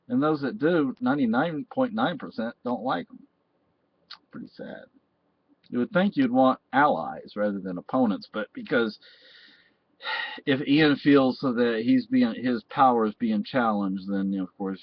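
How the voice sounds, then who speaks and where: A man's voice: on the low side, no echo. A man from Texas, talking in a rambling personal monologue that often restarts and repeats phrases. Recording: dull, dry lo-fi recording.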